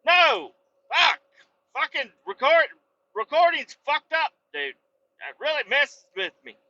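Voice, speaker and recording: A man's voice: extremely high pitch, big pitch swings, takes it slowly, sharp tone, lo-fi sound. A young adult man hosting a solo podcast, ranting casually and profanely. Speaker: podcast host, truck driver.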